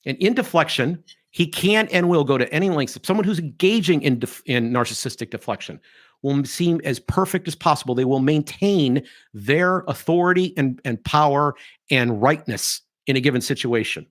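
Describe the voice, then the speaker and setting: A middle-aged man hosting a podcast, giving opinionated commentary in an animated, mocking way and sometimes mimicking others. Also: on the high side, normal speed. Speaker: podcast host.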